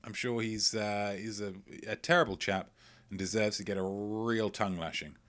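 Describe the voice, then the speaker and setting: A man's voice: fairly low pitch, steady tone, normal speed, a bit bright. A man hosting a live-streamed quiz from home, reading out chat messages with playful, rambling asides. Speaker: quiz host. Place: at home, indoors.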